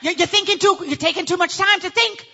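A woman pastor teaching a church audience about marriage, animated and acting out how people complain. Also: very high voice, quick pace, muffled recording, slight background noise.

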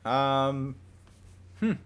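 A young man co-hosting a casual podcast, talking in a rambling, halting way and laughing often. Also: medium pitch, expressive, a bit bright, clean tone. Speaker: podcast co-host. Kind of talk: casual chat.

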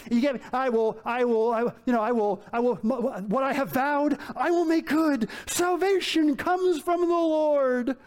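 A preacher voicing a panicked male prophet who pleads and bargains with God, his voice climbing as he makes frantic promises. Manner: frantic, bargaining, rising pitch.

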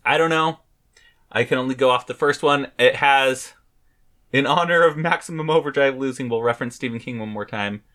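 A man's voice: mid-range voice, brisk, bright, forceful tone. A man from the United States co-hosting a podcast, talking casually, laughing often and trailing off mid-thought. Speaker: podcast co-host. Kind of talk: casual chat.

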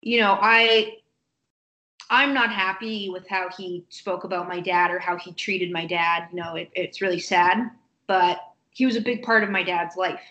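A woman telling a personal story in a casual interview, animated and acting out other people's lines. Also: fairly low pitch, normal speed, lo-fi sound. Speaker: guest.

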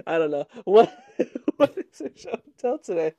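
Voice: mid-range voice, sing-song, slow pace, mellow, no echo. A podcast co-host in casual chat who gives short agreeing replies and playful teasing.

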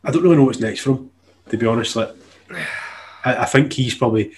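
A man's voice: mid-range voice, quick pace, slight background noise. A young man, chatting casually and swearing now and then on a podcast. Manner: laid-back, swears casually. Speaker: podcast co-host. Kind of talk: casual chat.

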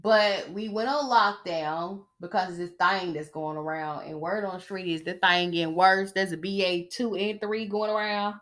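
A woman's voice: lowish voice, steady tone, normal speed, few pauses, fairly bright tone. A woman hosting a podcast, talking in a blunt, chatty way about reality TV, often checking in with "okay?". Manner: blunt, chatty, emphatic with frequent "okay?" asides. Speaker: podcast host. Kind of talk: casual gossip commentary.

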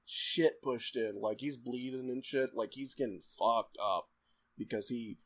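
A man in casual chat, rambling excitedly with frequent laughs and fillers. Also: medium pitch, measured pace.

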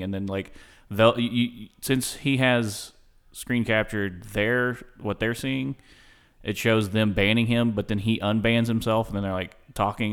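A man with a low, smooth and resonant voice chats on a podcast. He tells his stories in an easygoing way, full of "like". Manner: easygoing, filler-heavy storytelling. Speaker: podcast co-host. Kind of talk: casual chat.

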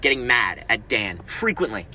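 A man's voice: lowish voice, big pitch swings, moderate pace, pushed and bright, a little hiss or hum. A young man guesting on a podcast, chatting casually and teasing the hosts with strong opinions. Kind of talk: casual chat.

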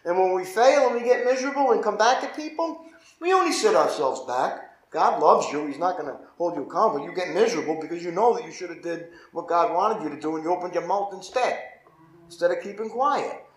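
A male pastor teaching a Bible study in a loose, conversational way. His voice sits a bit higher than most men's, and he keeps checking in with his listeners. The sound is echoey, as in a big open room. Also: lively intonation, fairly quick. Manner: informal, keeps asking the listeners "right?".

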